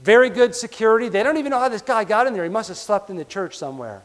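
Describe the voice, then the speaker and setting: High-voiced preacher in a reverberant hall. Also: male voice, expressive, racing. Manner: emphatic, often drops to a quiet, low delivery. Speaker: pastor. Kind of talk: sermon.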